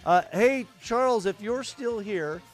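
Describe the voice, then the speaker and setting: A man's voice: high-pitched, lively intonation, measured pace, faint music behind. A man hosting a casual livestream podcast, rambling and chatty as he restarts his sentences. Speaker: podcast host.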